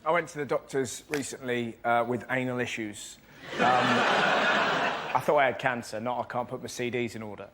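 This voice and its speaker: A man performing a fast stand-up comedy routine in a TV studio, slipping into silly voices for the people in his jokes. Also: medium pitch. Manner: quick, animated, mimics people in silly voices. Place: TV studio with live audience. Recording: TV audio with loud background noise.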